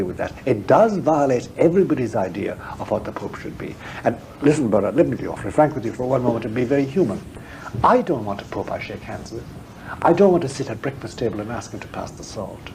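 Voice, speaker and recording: A historian and theologian, appearing as an interview guest, talks frankly and emphatically in a discursive way, repeating words when he presses a point. His mid-range voice has a dark tone, and the poor audio has a little hiss or hum.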